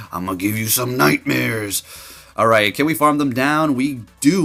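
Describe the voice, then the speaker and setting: A man giving casual, jokey commentary over his gameplay, getting loud and excited and laughing at his own jokes. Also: deep voice. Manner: animated, jokey, excitable, trash-talking. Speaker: gaming commentator.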